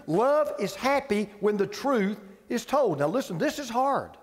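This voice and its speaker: A man's voice: high voice, lively intonation, normal speed, hardly any pauses, big-room sound. A male pastor preaching a sermon, conversational and emphatic, asking the congregation repeated questions. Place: church sanctuary with audience.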